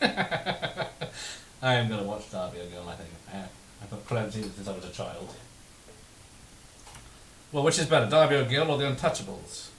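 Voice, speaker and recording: A channel host runs a film watch party over a call, chuckling often and tossing out dry, teasing remarks. His voice is on the low side with big pitch swings, normal speed and long pauses, recorded in an echoey room with faint hiss.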